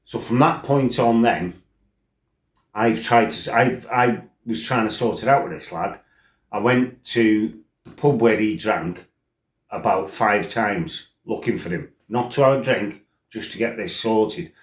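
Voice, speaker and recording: Speaking a little slowly in a lowish voice, an ex-kickboxer in middle age rambles bluntly through stories from his past, peppered with "you know" and "right?". There's a roomy echo.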